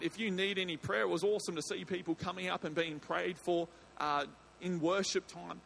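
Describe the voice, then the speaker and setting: In a church hall, a pastor preaches an evening sermon in a chatty, jokey way, often breaking off mid-sentence and bursting into emphasis. His voice sits high, creaky and a bit bright, with slight background noise.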